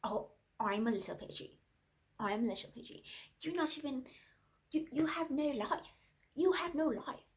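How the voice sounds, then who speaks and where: Woman playing a brash, rambling woman author with a shady past, slightly high voice, deadpan delivery, improv comedy. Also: normal speed. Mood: threatening.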